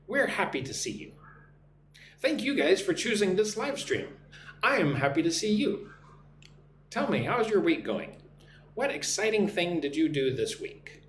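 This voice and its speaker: A man's voice: high-pitched, sing-song, moderate pace. A man from the United States hosting a live online English lesson, greeting viewers by name and drilling phrases for them to repeat. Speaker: English teacher and live stream host. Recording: echoey room, faint hum.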